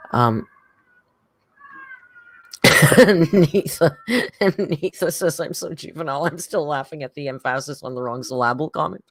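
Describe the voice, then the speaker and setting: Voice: medium pitch, no room sound. A livestream host in casual reaction chat, rambling and chatty, reading out viewer comments.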